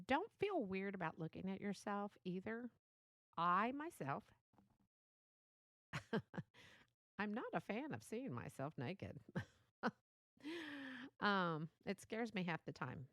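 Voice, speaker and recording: A woman's voice: mid-range voice, dry recording. An older woman hosting a solo podcast, chatty and motherly, laughing often as she talks. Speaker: podcast host. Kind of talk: casual solo podcast talk.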